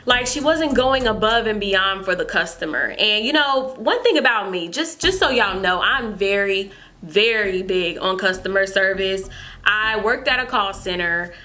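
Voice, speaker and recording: A young adult woman vlogger telling a storytime to her viewers in an animated way, repeating herself as she goes. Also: mid-range voice, unhurried. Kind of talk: storytime vlog chat.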